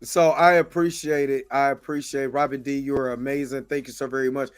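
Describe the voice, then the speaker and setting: A man's voice: mid-range voice, level tone, a little fast, smooth. A man hosting a livestream, venting with frustration, repeating himself and thanking viewers by name. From United States. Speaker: host. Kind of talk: impassioned livestream commentary.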